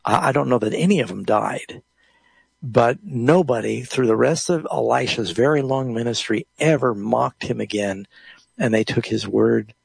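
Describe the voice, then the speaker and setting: A gravelly, slightly husky man answers listeners' Bible questions on a call-in radio program. He explains plainly and reads passages aloud, recorded close and dry in a studio. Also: mid-range voice, moderate pace, no echo.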